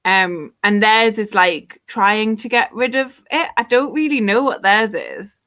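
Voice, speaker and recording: A woman with a posh Geordie accent hosting a podcast in a relaxed, chatty way. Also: mid-range voice, measured pace. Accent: posh Geordie, Jesmond. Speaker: podcast host. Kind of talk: casual podcast chat.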